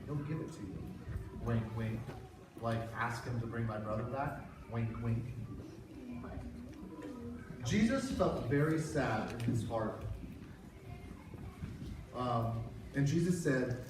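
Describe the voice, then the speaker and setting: Kids' pastor, man, animated storyteller, higher voice; recorded far off in a roomy hall with noise. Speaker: children's pastor. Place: church hall. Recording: echoey hall, far from the mic, with background noise.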